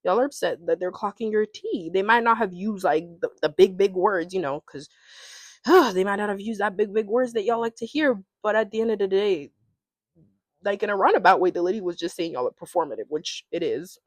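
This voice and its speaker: A woman's voice: medium pitch, a little fast, no echo. A woman from America, ranting casually and emphatically in an opinion vlog, repeating her points in exasperation. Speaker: commentary vlogger. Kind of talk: casual opinion rant to camera.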